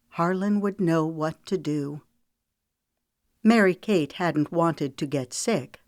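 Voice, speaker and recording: A woman reading her own historical romance aloud with a steady, even storyteller's cadence. Her voice sits a touch low for a woman. The recording is dry and close, with no room echo. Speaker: author narrating her novel. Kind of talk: audiobook narration.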